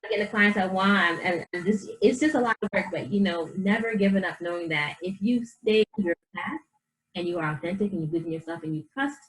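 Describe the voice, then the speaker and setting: Over slight background noise and low-quality sound, a woman's mid-range voice moves briskly. A guest life coach in a casual interview, she tells earnest, animated stories about her past and faith, voicing what others said.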